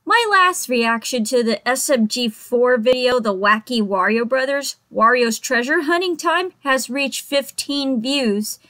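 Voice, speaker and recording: A woman's voice: high voice, unhurried, hardly any pauses, a bit bright, dry recording. A woman in her thirties hosting a casual video reaction, giggly and chatty, reading cartoon lines aloud. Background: music from the video.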